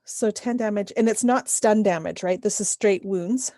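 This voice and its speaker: A woman's voice: mid-range voice, moderate pace, mellow, dry recording. Dry-voiced woman game master. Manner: patient, checks numbers step by step. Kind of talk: running a tabletop game, explaining rules.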